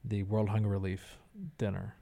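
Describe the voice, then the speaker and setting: Laid-back man with a dark, low voice. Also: completely flat delivery, normal speed, creaky, dry recording. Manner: rambling, laid-back storytelling. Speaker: head chef and restaurant owner, guest. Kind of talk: casual conversation.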